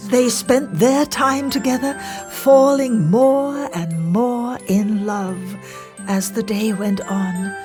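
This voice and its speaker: A woman's voice: fairly high pitch, slow, darkish tone, faint music behind. A woman reading a fairy tale aloud in a playful, theatrical way. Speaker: storybook narrator. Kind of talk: expressive storybook reading.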